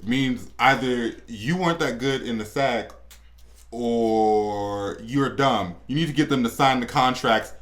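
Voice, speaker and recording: A man's voice: medium pitch, slow, a bit bright. A man co-hosting a podcast, dishing celebrity gossip in a blunt, sassy and crude way. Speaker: podcast co-host. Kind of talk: casual gossip chat.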